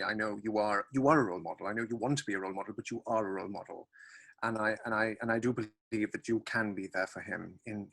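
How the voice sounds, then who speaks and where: A man's voice: fairly low pitch, vocal fry, fairly bright tone. A man moderates a panel discussion, speaking encouragingly and often repeating words as he restarts.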